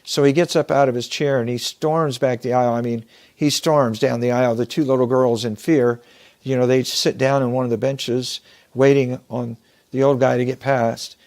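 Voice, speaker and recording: A man giving an earnest motivational talk, telling a story in a measured way and slowing down to stress his points. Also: medium pitch, level tone, a little mellow. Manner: measured, earnest, slows down for emphasis. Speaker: motivational speaker.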